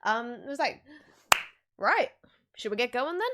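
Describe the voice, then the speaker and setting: A woman's voice: on the high side, lively intonation, fast, heavy background noise. A woman playing in a tabletop game, joking around and swearing casually as she chats. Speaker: player.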